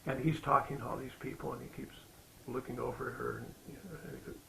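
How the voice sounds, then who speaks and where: A man's voice: medium pitch, steady tone, fast talker, gravelly, a bit bright, slight background noise, low-quality recording. A man giving a Sunday sermon, telling a story in a loose, conversational way with fillers. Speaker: spiritual practitioner giving the Sunday talk.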